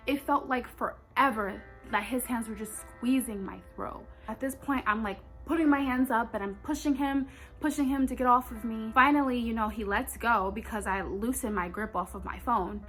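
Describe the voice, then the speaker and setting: A woman's voice: on the high side, normal speed, a bit bright, faint music behind. A young woman telling a personal story in a storytime vlog, talking straight to her viewers with emphasis. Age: young adult.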